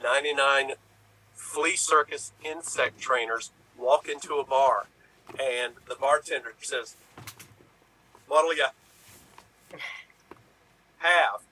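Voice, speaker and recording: A man playing an improv pun game, telling quick joke setups with quoted lines. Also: medium pitch, fairly even intonation, sharp tone, rough recording. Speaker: improv player.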